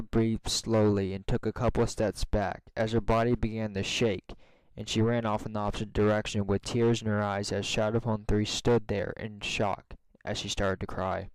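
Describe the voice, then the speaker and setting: A man reading a fan story aloud in plain, steady narration. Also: fairly low pitch, normal speed, clear, resonant tone, no room sound, rough recording. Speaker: story reader.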